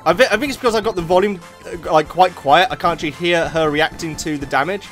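A man giving jokey let's play commentary as a gaming YouTuber, getting excitable and yelping at close calls. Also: a little high, quick pace, soft background music. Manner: excitable, jokey, yelps at near misses.

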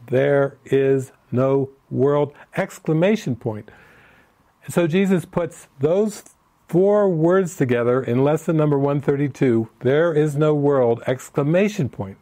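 Male spiritual teacher, mellow tone, storytelling retreat talk, acts out the people he quotes. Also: medium pitch. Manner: answers written questions from participants.

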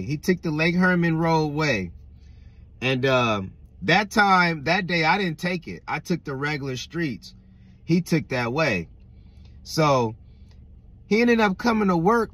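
Young man, lively storytelling with cussing, dry close sound. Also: a little high, no room sound. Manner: animated, swears a lot, keeps asking "right?". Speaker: vlogger. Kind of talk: casual storytelling.

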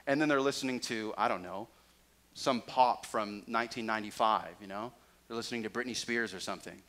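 A male pastor delivering a sermon, swinging between loud emphatic points and quiet low asides.

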